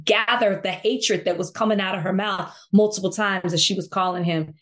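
A woman's voice: medium pitch, normal speed, a bit bright. Impassioned woman podcast co-host. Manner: impassioned, repeats herself for emphasis. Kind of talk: casual podcast chat.

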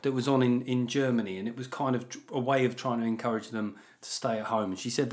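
A man's voice: medium pitch, fairly even intonation, quick pace, hardly any pauses, a little mellow. A man hosting a podcast, chatting casually in a rambling, sweary, sardonic way. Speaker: podcast host.

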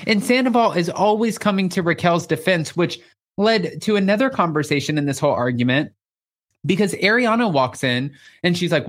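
Man, host, casual recap chat, slightly high voice, acts out quotes. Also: normal speed. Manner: animated, acts out quotes, swears. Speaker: podcast host.

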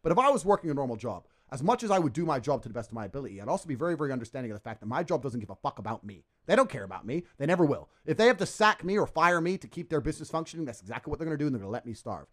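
A man talking as a podcast guest, ranting forcefully and with lots of profanity. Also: on the high side, big pitch swings, very fast, hardly any pauses. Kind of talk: casual podcast conversation.

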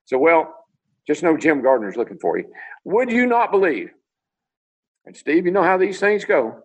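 An older man, a former racing driver, spins long stories on a video call. His pitch leaps and dips as he acts out each voice in the tale, lively and expressive. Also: moderate pace, pauses often, breathy edge, highs cut off. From Tennessee. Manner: animated storyteller, acts out dialogue. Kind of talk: storytelling interview over video call.

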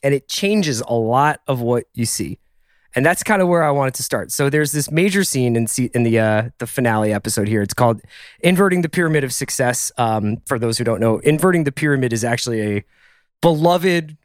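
A podcast host chats casually about a TV episode, thinking out loud with restarts and side remarks. His mid-range male voice has lively intonation and a brisk pace. The recording is clean studio sound with no echo.

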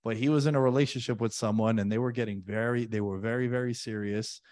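A man's voice: mid-range voice, steady tone, fast, darkish tone, no room sound. A man co-hosting a casual rewatch podcast, earnest and chummy, talking about friendship. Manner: earnest and chummy, says "dude" and "man" a lot. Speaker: podcast co-host.

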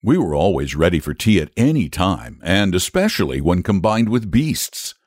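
A man narrating a storybook with a low voice that moves expressively up and down. His reading is measured and close to the mic, with a dry, roomless sound. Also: sing-song, darkish tone, dry recording.

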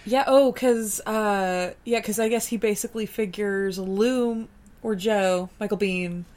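A woman's voice: medium pitch, a little slow, darkish tone. A woman co-hosting a podcast in a casual, giggly and crude joking manner. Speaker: podcast co-host. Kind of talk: casual chat.

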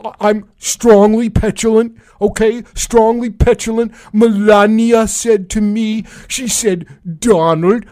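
A man's voice: high-pitched, a little mellow. A man doing a petulant boastful politician. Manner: whiny, boastful, clumsy impression.

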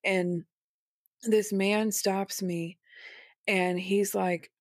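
A woman's voice: medium pitch, flat delivery, extremely slow, dry recording, studio quality. A woman speaking as a guest on an interview podcast, recounting her experiences in a frank, conversational way. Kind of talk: interview storytelling.

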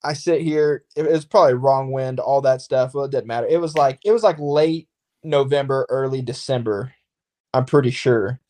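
A man of medium pitch chats casually on a podcast. He tells a long story in a rambling way and livens it up by acting out the exchanges he quotes. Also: normal speed, a little mellow.

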